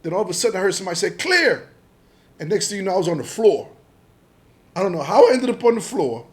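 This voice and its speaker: Profane, animated storyteller man. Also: high voice, rapid-fire. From Jamaica. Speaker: podcast guest. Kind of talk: casual storytelling interview.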